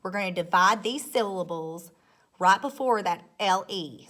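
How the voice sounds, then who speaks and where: A woman teacher walking young students through a phonics lesson step by step, patient and clear, often checking in with "okay?". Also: lowish voice, moderate pace, a bit bright. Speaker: third grade teacher. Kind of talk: recorded classroom phonics lesson.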